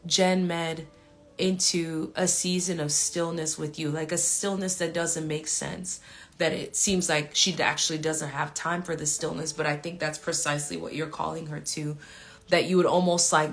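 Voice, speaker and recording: A woman's voice: low voice, flat delivery, a little slow, a bit bright. A woman leading a live prayer stream, praying aloud in an earnest, repetitive way with loose fillers, then chatting with her viewers. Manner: earnest, repeated appeals and declarations, loose with fillers. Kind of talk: spontaneous spoken prayer and chat with viewers.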